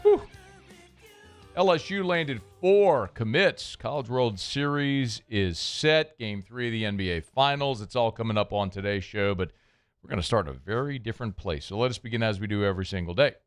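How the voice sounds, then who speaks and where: A man's voice: fairly low pitch, animated, a little fast, faint music behind. Wry sports radio host, man. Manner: conversational, wry, gets worked up. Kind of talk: sports talk radio monologue. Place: radio studio.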